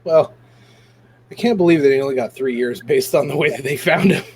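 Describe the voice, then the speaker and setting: A man's voice: medium pitch, a little fast, a little mellow, a little hiss or hum. A man co-hosting a podcast who has a cold, chatting casually with joking reactions. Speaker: podcast co-host. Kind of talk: casual chat.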